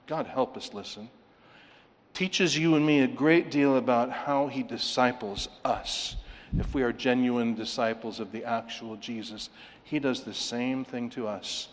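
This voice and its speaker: A man's voice: medium pitch, unhurried, in a large hall. A man preaching an expository sermon, emphatic and questioning his listeners as he works through a text. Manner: emphatic, asks the congregation questions. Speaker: pastor.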